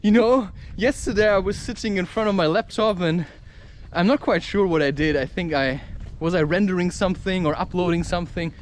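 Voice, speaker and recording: A man musing in a rambling, profane spiritual monologue, excitable and talking half to himself. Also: sits high, a little fast, a little hiss or hum. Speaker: vlogger.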